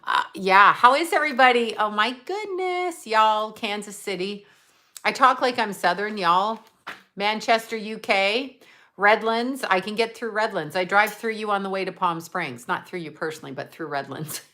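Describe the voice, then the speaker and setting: Woman, bubbly livestream chat, bright voice, chatty. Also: medium pitch, normal speed. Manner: chatty, bubbly, reads out viewer locations. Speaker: livestream host. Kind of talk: casual livestream chat with viewers. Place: at home, just out of bed.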